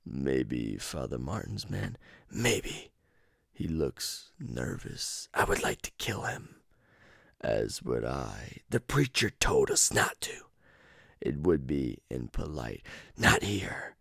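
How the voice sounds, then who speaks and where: Guy doing creepy twin killers, low slow whispery and raspy, real calm. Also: no echo, clean studio sound, full character voice. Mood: quiet menace. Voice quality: one raspier voice. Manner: slow, hushed, half-whispered menace. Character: calm brutal adult male twin killers.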